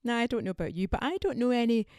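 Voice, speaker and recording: A woman performs a stand-up set in a wry, punchy way. Her pitch swings widely from line to line. The recording is dry and close, with no room sound. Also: animated, very fast, a little mellow, dry recording. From Scotland. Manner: wry, punchy delivery with quoted voices. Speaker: stand-up comedian.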